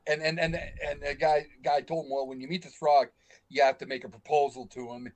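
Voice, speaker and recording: Rambling, laughing man, slightly high voice. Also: steady tone, moderate pace, gravelly, a little hiss or hum. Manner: rambling, repeats words, laughs a lot. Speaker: podcast co-host. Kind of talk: casual chat.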